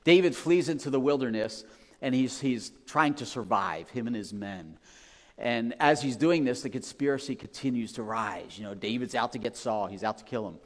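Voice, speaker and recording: A man's voice: medium pitch, animated, normal speed. A man preaching as a pastor, retelling a story casually and checking in with the room with "okay?" and "right?". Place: church sanctuary. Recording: long reverb of a large hall.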